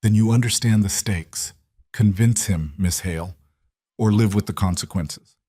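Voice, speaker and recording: A man voicing an older male crime boss who threatens calmly and with cold amusement. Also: lowish voice, slightly rough, no room sound, studio quality. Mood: menacing. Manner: calm, measured threats.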